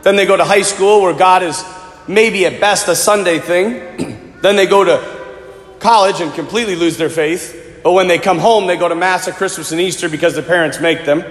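A man, a Catholic priest, preaching an earnest, emphatic sermon and often clearing his throat. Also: high-pitched, fairly bright tone. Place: church. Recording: echoey church with long reverb.

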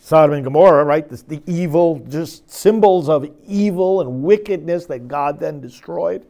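A man's voice: fairly high pitch, moderate pace, gravelly, warm tone. A man who is a priest, giving a sermon and reading scripture with emphatic, dramatic force.

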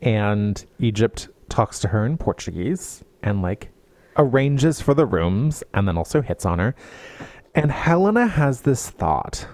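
A man retelling a story in a casual chat, with a lively pitch that swings a lot as he mocks what the characters say. His tone is sarcastic. The recording is dry and close, with little room sound. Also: a little slow, no echo. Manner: animated, sarcastic retelling with mocking quoted voices. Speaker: podcast co-host. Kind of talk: casual book-recap chat.

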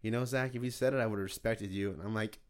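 A young man in relaxed podcast chat, spinning wild stories with lots of swearing and laughter. He jumps into other people's voices as he tells them, lively and animated throughout. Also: lowish voice, quick pace, clear, resonant tone. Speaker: podcast co-host. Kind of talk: casual storytelling chat.

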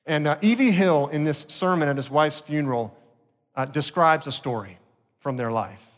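A male pastor delivering an earnest sermon, slowing down to stress key points. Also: a little high. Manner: earnest preaching, slowing for emphasis. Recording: long reverb of a large hall.

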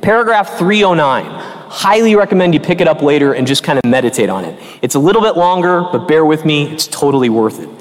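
A man's voice: a little high, expressive, quick pace. A man in his early forties, a Catholic priest, preaching a conversational and earnest sermon with emphatic turns. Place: church. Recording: long church reverb.

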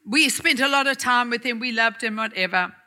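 A middle-aged woman preacher tells a personal story to her church in a high, very bright voice. She chats warmly, laughs often and mocks herself in asides. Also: brisk. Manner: chatty and laughing, self-mocking asides. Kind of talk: storytelling sermon.

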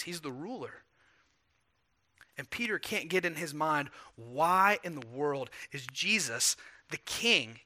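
A pastor preaching a sermon, animated, acting out the quotes and swinging from loud passages to hushed ones. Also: male voice, on the high side.

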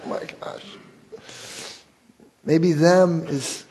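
A man's voice: a little high, fairly even intonation, drawn-out words, mellow, a little hiss or hum, low-quality recording. A man preaching a sermon as pastor, earnest and building to impassioned rhetorical questions.

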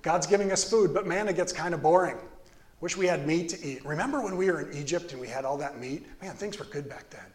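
A man's voice: a little high, fast, reverberant, close to an everyday voice. A man voicing a whiny, panicking crowd of wandering Israelites in a sermon retelling. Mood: whining.

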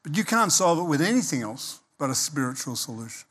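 A man preaching a sermon as pastor, animated and emphatic, acting out quoted voices. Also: on the high side, brisk, husky.

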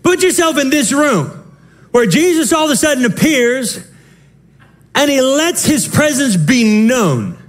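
A male pastor preaching an animated Easter sermon, playful, acting out the scenes and laughing as he goes. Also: very high voice, unhurried.

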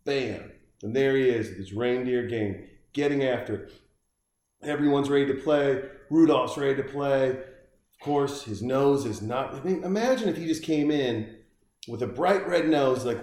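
A man's voice: mid-range voice, moderate pace, darkish tone, roomy sound. A man riffing on a movie in profane comedic commentary, ranting with crude outbursts. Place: home room with a dog running around.

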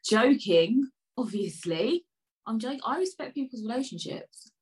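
A woman chatting casually to camera over a cup of tea, rambling, flipping between loud outbursts and quiet mutters. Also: a little high, animated, moderate pace, low-quality recording. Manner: sips tea while talking. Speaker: vlogger.

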